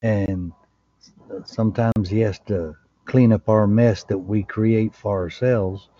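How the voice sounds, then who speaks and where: A man sharing earnest testimony and prayer on a group call, fervent and excitable. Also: lowish voice, slow, no room sound. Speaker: call participant. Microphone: online group call. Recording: dull lo-fi call audio.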